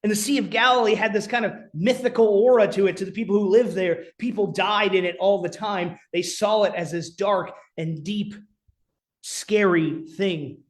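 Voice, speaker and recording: A man's voice: high voice, fairly even intonation, moderate pace. A man preaching a sermon as pastor, earnest, sometimes dropping to a near whisper for emphasis. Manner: earnest preaching with dramatic quiet drops.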